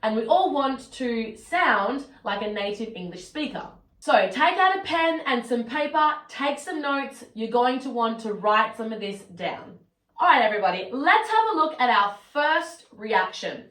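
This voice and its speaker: A woman with a slightly high voice teaches an English lesson at a slow, careful pace. She acts out example reactions with lively expression. The room around her is echoey. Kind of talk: scripted online lesson.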